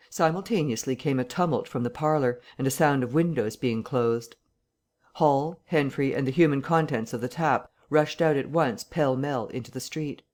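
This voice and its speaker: The voice sits in the mid range as a narrator reads a classic novel aloud for an audiobook, keeping the storytelling even and steady.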